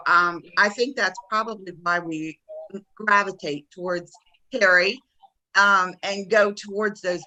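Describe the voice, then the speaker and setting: Southern American woman co-host, lower-pitched, bright and forceful tone, chatty and enthusiastic. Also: a little hiss or hum, low-quality recording. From Southern United States. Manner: chatty and enthusiastic, quick to laugh. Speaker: podcast co-host. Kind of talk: casual chat.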